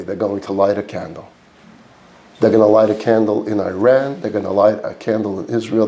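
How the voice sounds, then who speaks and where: A man's voice: on the low side, vocal fry, dark tone. A man with a New York accent, teaching a class as a rabbi. He asks the room rhetorical questions, answers them himself, and builds his points through repeated lists. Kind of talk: lecture to a live class.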